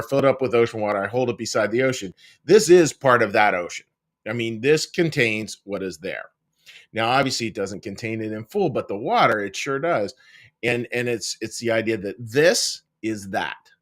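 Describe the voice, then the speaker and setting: A middle-aged man, a minister, gives a gentle daily devotional reflection to camera from a small cabin room. He talks conversationally, often restarting and searching for words, and addresses his listeners as folks. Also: fairly low pitch.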